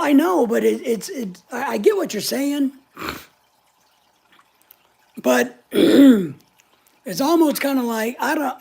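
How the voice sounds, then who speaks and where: A woman's voice: fairly high pitch, creaky, darkish tone, breathy edge. An older woman hosting a casual live chat, talking in a blunt, opinionated, chatty way. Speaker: channel host answering live chat.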